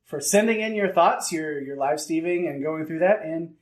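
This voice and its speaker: A man's voice: a little high, moderate pace. A man co-hosting a podcast, chatting casually and thanking a listener for his feedback. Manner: upbeat, warm thanks to listeners. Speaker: podcast co-host.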